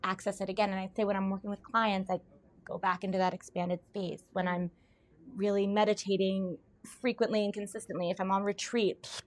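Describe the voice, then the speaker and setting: Woman, podcast guest, animated storyteller, frequent laughter, mid-pitched voice. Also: a little fast. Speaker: podcast guest, intuitive guide. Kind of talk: storytelling in conversation.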